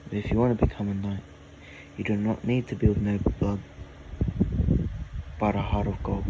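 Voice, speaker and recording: A man narrating a made-up fantasy story in a slow, halting, plain delivery. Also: lowish voice, level tone. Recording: loud air conditioning hum. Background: air conditioning.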